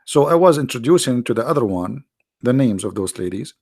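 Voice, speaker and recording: A man with an Arabic accent hosting a live online talk, animated and mocking, often repeating himself. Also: mid-range voice, a little fast, slightly rough. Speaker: online show host. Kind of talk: casual live-stream talk.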